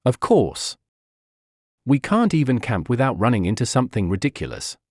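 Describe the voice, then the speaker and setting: A man's voice: medium pitch, sing-song, moderate pace, no room sound, studio quality. A man voicing a snappish winged young woman. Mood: irritated. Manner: snappish, exasperated. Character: irritable winged young woman, sharp-tongued.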